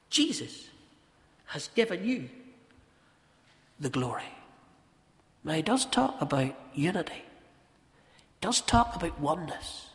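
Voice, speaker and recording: Impassioned preacher, church reverb. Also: male voice, a little high, big pitch swings, slow, pauses often. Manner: impassioned, swinging from loud emphasis to hushed intensity, rhetorical questions. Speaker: pastor. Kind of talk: sermon.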